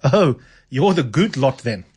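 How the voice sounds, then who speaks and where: A man's voice: medium pitch, sing-song, unhurried, darkish tone, slightly rough, full character voice. A man reading from a novel on the radio, voicing a nosy, blunt middle-aged landlady who talks in a chatty, pushy way. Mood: gossipy.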